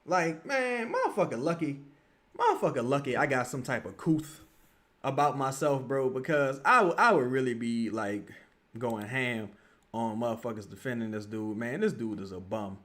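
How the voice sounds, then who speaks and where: Young guy cursing at the game live, aave, voice jumping high and low, heated. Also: animated, normal speed. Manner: profane, frustrated ranting with sudden loud outbursts. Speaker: streamer reacting to a live game. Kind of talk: live game reaction, watch-along.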